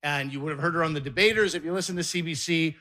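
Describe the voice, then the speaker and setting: A man hosts a comedy show and introduces the next comic with quick, hyped energy. His voice is high and bright, and he talks at a rapid clip. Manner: hyped, building to a shout.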